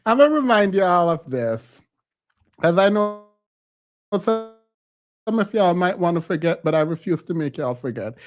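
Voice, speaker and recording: An American man hosting a reaction commentary show, laughing and incredulous, his voice worn and going hoarse. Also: a little high. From United States. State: losing his voice. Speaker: commentary channel host.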